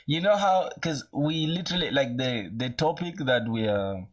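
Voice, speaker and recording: A young man in his twenties chatting casually with viewers while coding live, using relaxed slang and thinking aloud, with an occasional cough. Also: medium pitch, moderate pace, hardly any pauses, dull audio. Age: young adult. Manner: laid-back slangy, greets chat, thinks aloud. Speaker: programming streamer.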